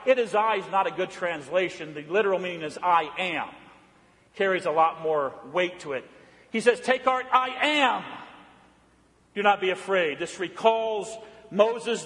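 A man preaching a sermon, emphatic at times, then dropping to quiet, low tones for weight. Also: in a large hall. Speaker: pastor.

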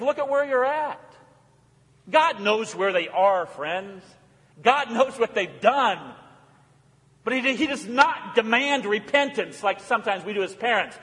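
A male pastor preaching with a high, ringing voice that swings from forceful calls to near-whispered pleas. His words hang in a long church reverb. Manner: impassioned, swinging from loud calls to hushed pleas. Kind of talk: sermon.

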